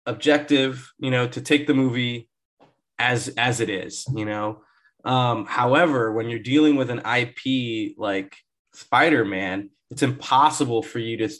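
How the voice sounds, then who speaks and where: A man co-hosting a casual movie review chat, animated and joking. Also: medium pitch. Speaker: podcast co-host.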